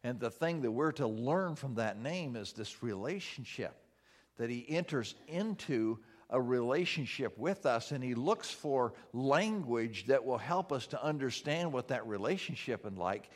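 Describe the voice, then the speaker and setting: A man's voice: medium pitch, lively intonation. Earnest male pastor preaching. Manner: earnest preaching, slows for emphasis, drops soft in prayer. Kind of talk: sermon.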